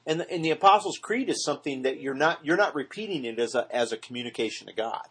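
A man's voice: medium pitch, animated, fast, fairly bright tone, slightly rough. A man teaching a small Bible study in earnest, often asking the group questions. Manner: earnest, asks the group questions, mimics repetitive praying.

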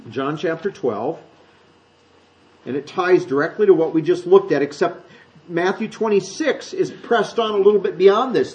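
A man delivers a sermon with a slightly high voice, talking it through with his listeners and pointing to slides on screen. His tone climbs and swells when he acts out the words he quotes. The sound is dull and lo-fi. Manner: emphatic, rises high and loud when acting out quoted speech; conversational, explains slides to the congregation. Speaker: preacher.

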